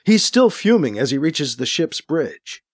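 Guy narrating a radio drama, kinda high voice, dry close sound. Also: very animated, measured pace, dry recording.

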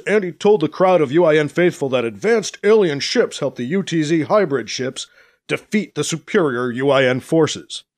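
A man's voice: fairly high pitch, pitched above the performer's own voice, natural voice. A man reading a cautious male commander giving reports. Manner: reporting, measured, wry.

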